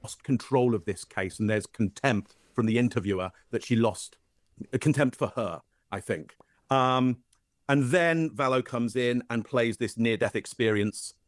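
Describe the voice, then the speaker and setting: A British man giving measured, analytical commentary on body language, hedging with frequent fillers. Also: medium pitch, dry recording.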